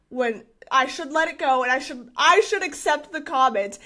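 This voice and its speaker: A woman co-hosting a podcast, chatting casually, ranting in an animated way and laughing often. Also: high voice, normal speed, few pauses. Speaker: podcast co-host. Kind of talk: casual chat.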